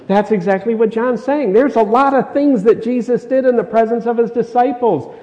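A man's voice: extremely high pitch, moderate pace, dark tone. A middle-aged man preaching a sermon in a conversational, emphatic way, repeating his key phrases. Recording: dull sound with long hall reverb.

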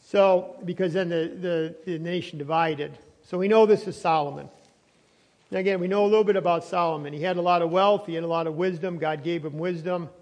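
High-voiced pastor preaching in a reverberant hall. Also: male voice, fairly even intonation, a little fast, a little mellow. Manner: chews gum while preaching; conversational with restarts and rising emphasis. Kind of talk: sermon. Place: church sanctuary. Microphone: not wearing his lapel mic.

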